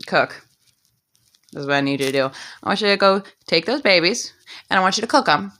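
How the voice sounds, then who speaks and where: A woman's voice: lowish voice, lively intonation, fairly quick, a bit bright. A woman voicing a jealous, vengeful queen who gives orders in a sassy, commanding way. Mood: bossy.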